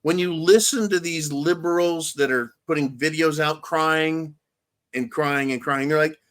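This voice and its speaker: Male host, slightly high voice, blunt and profane, rambling political commentary. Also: fairly even intonation, unhurried, a bit bright. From California, USA. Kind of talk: political commentary, answering viewer questions.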